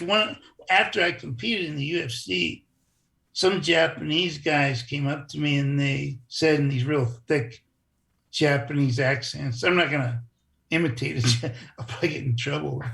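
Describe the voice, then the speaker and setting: A man's voice: on the high side, creaky, fairly bright tone. An older man, a former wrestler, telling stories in a rambling, casual interview. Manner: rambling, restarts, chuckles.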